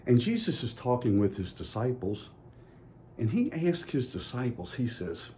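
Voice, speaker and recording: A man's voice: medium pitch, wildly swooping pitch, normal speed, warm tone, slight background noise. A man giving a children's message at church in a folksy way, asking the kids playful questions. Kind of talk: children's sermon.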